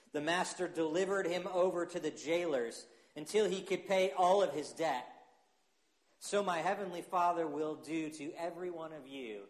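A male pastor, preaching a sermon and reading scripture in an earnest, unhurried way, with hesitant fillers. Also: fairly high pitch. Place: church sanctuary. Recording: echoey church sanctuary.

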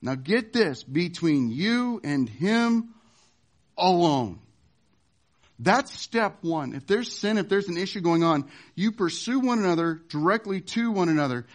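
A male pastor delivering a sermon. His voice sits high, and he preaches emphatically, pushing some points hard and dropping others to a hush. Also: expressive, a little slow. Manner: emphatic preaching, wide swings from loud to hushed.

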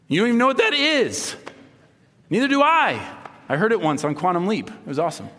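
A man preaching a sermon as a pastor, telling stories with animated delivery and acting out the voices of the people he quotes. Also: high voice, fairly quick. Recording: long hall reverb.

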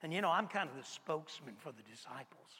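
A blunt, hot-tempered fisherman apostle, played by a preacher tells his story in a high, bright voice. He lurches from loud outbursts to hushed whispers. A long reverb trails each line. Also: expressive, fast, breathy edge, heavily acted. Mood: agitated.

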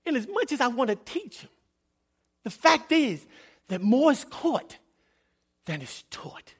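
A man's voice: very high voice, very animated, unhurried, pauses often, slightly rough. A man giving a guest sermon, moving between sung lines and impassioned prayer, sometimes crying out and sometimes dropping to a murmur. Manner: swings from soft prayerful murmur to loud impassioned cries. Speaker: guest speaker.

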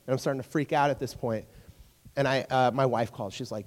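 A young man preaching in a hall with a long, ringing reverb. His pitch sits in the middle of the male range. He tells stories in a jokey, animated way and keeps checking in with the crowd. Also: fast. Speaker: youth pastor. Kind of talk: sermon. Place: church hall.

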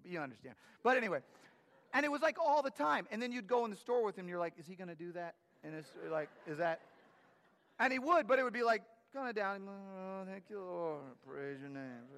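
Energetic pastor with a long hall echo. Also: male voice, fairly high pitch. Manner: energetic, repeats himself with restarts. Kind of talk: sermon. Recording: long church hall reverb.

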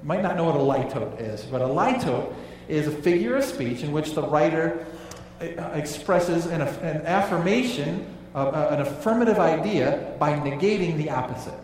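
Pastor preaching in an echoey hall. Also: male voice, lively intonation, moderate pace, hardly any pauses, recorded from a distance, a little hiss or hum. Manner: emphatic, drops low and quiet on key phrases. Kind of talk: sermon.

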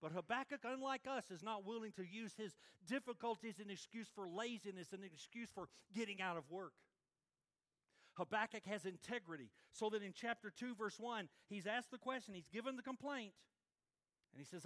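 A male pastor delivers a sermon in a high, bright voice. He is animated and playful and swings quickly between loud emphasis and hushed asides. His delivery is lively and conversational.

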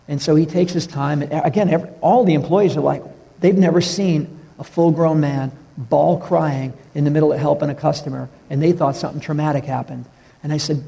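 A man preaching a sermon, telling stories in an earnest way and dropping his voice low for the tender parts. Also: fairly quick, gravelly, husky. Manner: storytelling, earnest, drops to a hush for tender moments. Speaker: pastor. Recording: reverberant hall.

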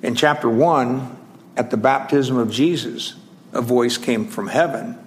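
A man preaching a sermon in a conversational, halting way, with frequent pauses and restarts, slowing down to stress scripture phrases. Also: medium pitch, a little hiss or hum.

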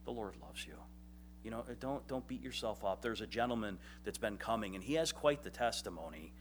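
A man's voice: lowish voice, brisk, a little hiss or hum. A man preaching a sermon in a conversational, self-deprecating way, often acting out little quoted exchanges. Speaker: pastor.

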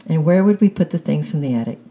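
A woman's voice: deep voice, expressive, quick pace, dark tone. A woman reading a story aloud, voicing a busy, practical mother who speaks mildly while distracted. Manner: mild, distracted.

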